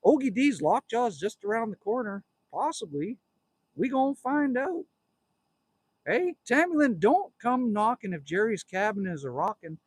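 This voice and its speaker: A man's voice: high voice, big pitch swings, normal speed, husky, dry recording. Jokey Canadian man in his fifties. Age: 50s. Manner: rambling, jokey, talks straight to viewers. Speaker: livestream host. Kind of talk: casual livestream chat reading comments. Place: outdoors at a cabin.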